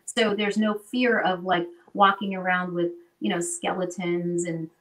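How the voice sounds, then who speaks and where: A woman teaching in an animated, conversational way, often checking in with "right?". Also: lowish voice, measured pace, far from the mic, low-quality recording. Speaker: guest teacher.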